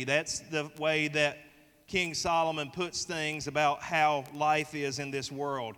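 A man's voice: a little high, little pitch movement, slow pace, pushed and bright, smooth. A man with a Southern US accent preaching a sermon, folksy and joking as he polls the congregation. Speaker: pastor. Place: church sanctuary. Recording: long reverb of a church hall.

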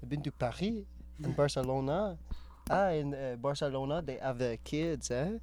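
A man's voice: mid-range voice, moderate pace, darkish tone. A young man co-hosting a podcast, chatting crudely and jokingly with friends. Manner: crude, joking, slips into put-on accents. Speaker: podcast co-host. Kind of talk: casual banter.

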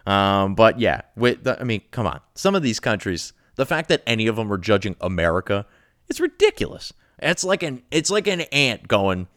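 Male host, profane sarcastic political rant, smooth clear voice, dry close sound. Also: on the low side, very animated, moderate pace, a bit bright, dry recording.

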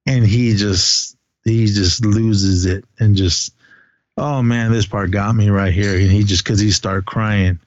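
A man's voice: on the low side, fairly even intonation, slow, no room sound. A man hosting a casual movie chat, retelling scenes in a rambling way with many restarts. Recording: dull lo-fi dry recording.

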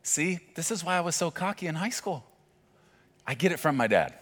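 A man's voice: on the high side, very animated, normal speed, fairly bright tone, a little hiss or hum. A male pastor preaching a sermon with emphatic delivery and joking asides.

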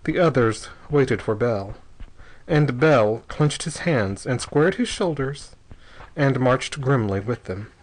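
A man reading an adventure novel aloud in a measured, steady narration. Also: medium pitch, rough recording. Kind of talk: audiobook narration.

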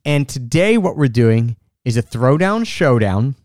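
A man's voice: mid-range voice, very animated, a little mellow, no echo. Upbeat male podcast host, dry sound. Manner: upbeat, chatty, quick restarts. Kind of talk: casual travel podcast chat. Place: home room.

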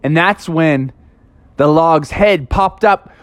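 A man's voice: a little high, slow, no echo, studio quality. A man improvising a playful, dramatic story for children.

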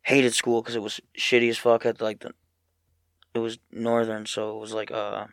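A young man, a podcast guest telling profane, animated stories in casual chat. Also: on the low side, normal speed, no echo, studio quality. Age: young adult. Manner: profane, animated storytelling with loud mocking impressions.

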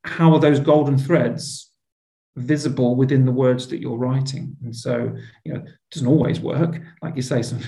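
Earnest man, mellow and echoey. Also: medium pitch, fairly even intonation, normal speed, creaky. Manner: earnest, reflective, with frequent restarts. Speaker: school leader. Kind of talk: interview conversation.

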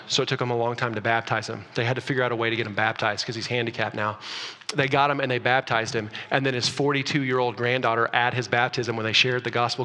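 Man preaching in a reverberant church. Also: medium pitch. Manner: animated preaching, rising loud for emphasis, self-correcting restarts. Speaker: pastor. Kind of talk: sermon. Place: church sanctuary. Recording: long reverb of a church hall.

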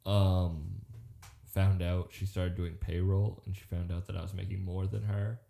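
A man's voice: low voice, level tone, a little slow, creaky, mellow. A man co-hosting a podcast in casual chat, telling stories with dry, wisecracking humor. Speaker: podcast co-host.

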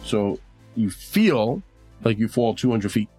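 A man's voice: on the low side, sing-song, slow pace, warm tone, husky, soft background music. Rambling male game master. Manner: rambling, filler-heavy description. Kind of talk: narrating a tabletop game.

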